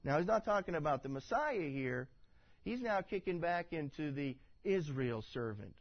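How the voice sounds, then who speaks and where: A man's voice: on the high side, animated, normal speed. A man preaching a sermon as pastor, reading scripture dramatically and with great animation. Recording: dull, dry audio.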